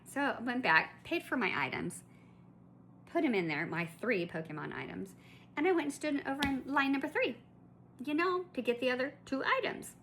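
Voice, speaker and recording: A woman's voice: high voice, sing-song, normal speed, a bit bright, slight background noise. A woman vlogger telling a shopping story in a chatty, indignant way, full of asides and restarts. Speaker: collector vlogger. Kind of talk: casual ranting storytelling.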